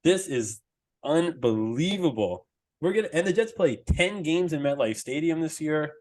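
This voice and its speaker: Excitable young man talking football. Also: on the high side, normal speed. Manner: excitable, swearing, laughing often. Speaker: podcast co-host. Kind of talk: excited sports talk.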